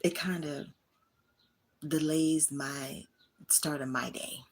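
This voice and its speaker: A woman's voice: sits low, fairly even intonation, slow pace, a little hiss or hum. A woman hosting her own livestream, speaking, candidly venting and talking straight to her chat from a small room at home. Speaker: livestream host.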